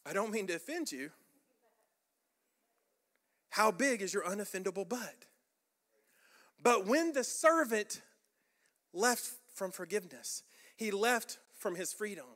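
A man's voice: sits high, expressive, measured pace, long pauses, fairly bright tone. A man preaching a sermon as pastor, emphatic and rhetorical, repeating phrases for effect.

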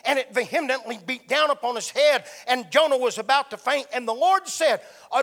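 A man's voice: very high-pitched, brisk, few pauses, fairly bright tone. A man preaching a sermon with emphatic delivery that swells and drops. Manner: emphatic, rising and falling delivery.

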